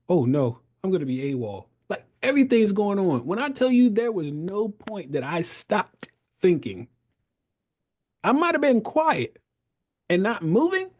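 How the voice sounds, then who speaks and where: A man's voice: high voice, darkish tone. A man in his thirties, a podcast guest, telling his story in casual conversation, laughing often and acting out the voices he quotes.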